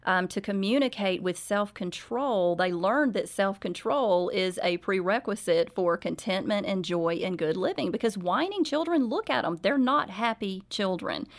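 A middle-aged woman telling parenting stories as a guest in an interview, earnest and gentle, speaking with sincere conviction. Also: medium pitch, lively intonation, moderate pace, hardly any pauses. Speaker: author and guest. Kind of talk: radio interview, storytelling.

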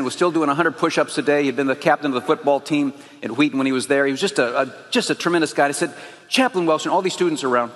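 A man's voice: on the high side, fairly bright tone, long reverb tail. A man preaching, telling his own story with earnest, emphatic rising phrases. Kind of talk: sermon testimony.

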